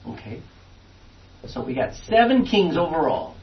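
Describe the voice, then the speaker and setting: Lively Bible study teacher, heard from afar. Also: mid-range voice, measured pace, creaky. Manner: lively, explains and quizzes the class. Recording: distant, dull lo-fi room recording.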